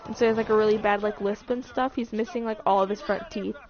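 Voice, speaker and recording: A woman's voice: medium pitch, fairly even intonation, fast, darkish tone. A young woman in casual chat, recapping a TV show in a rambling way with lots of "like" and restarts. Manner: rambling, full of "like" and restarts, breaks into acted quotes. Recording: dull lo-fi recording with faint noise.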